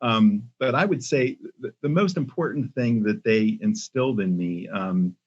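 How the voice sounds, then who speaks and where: An older man, a company CEO, speaking as a podcast guest in a measured way with many pauses and restarts. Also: fairly low pitch, darkish tone, slightly rough. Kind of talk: casual interview talk. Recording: muffled lo-fi audio.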